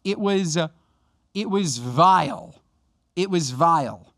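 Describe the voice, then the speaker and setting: Male podcast co-host, lively swooping delivery, mock-outraged rants, dry close mic. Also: on the high side, takes it slowly, dry recording. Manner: animated, mock-outraged ranting. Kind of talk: casual comedic podcast chat.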